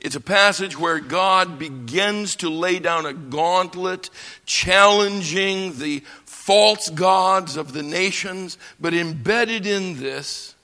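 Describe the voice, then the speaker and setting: Slow, emphatic man lecturing in a hall. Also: high voice, pushed and bright. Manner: slow, emphatic delivery with dramatic pauses and swells. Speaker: Bible teacher. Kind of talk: lecture on scripture. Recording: long reverb of a large hall.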